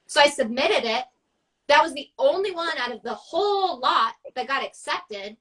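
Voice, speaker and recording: A woman artist and coach chatting on a video call, telling lively stories and acting out the people in them. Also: high voice, normal speed, low-quality recording. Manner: animated storyteller, acts out quotes. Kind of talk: casual conversation.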